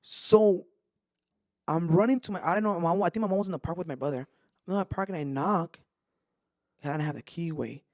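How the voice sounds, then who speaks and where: A man telling scary stories on a casual podcast, animated, swearing and slipping into slang. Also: fairly high pitch, a little fast, long pauses, no echo, clean studio sound. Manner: animated, swears a lot, mixes in Spanish slang. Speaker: podcast host. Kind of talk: casual storytelling chat.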